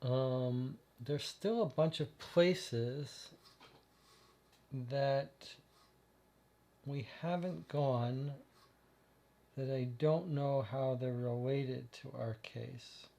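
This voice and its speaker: A man's voice: medium pitch, drawn-out words, vocal fry, pauses often, mellow. A man playing a detective game, thinking aloud about where to search next and reading the text on screen. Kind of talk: casual let's-play commentary and reading.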